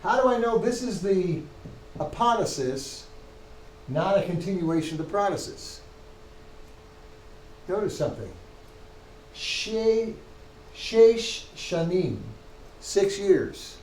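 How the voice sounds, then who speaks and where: Man, professor, lecturing, emphatic, fairly high voice, echoey classroom. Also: animated, slow pace, long pauses, a little mellow, slight background noise. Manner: explanatory, emphatic, with frequent restarts. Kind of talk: university lecture.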